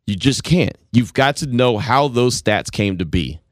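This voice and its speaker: A man in his forties hosting a casual sports talk show, telling stories with animated voices. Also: medium pitch, unhurried, dry recording, clean studio sound. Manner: animated storytelling, acts out voices.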